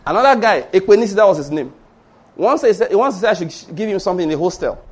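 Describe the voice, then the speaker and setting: Here a Nigerian pastor of middle age, Yoruba in accent, preaches with a high, animated voice that has a breathy edge and comes out rapid-fire. His delivery is emphatic storytelling, and he repeats his points.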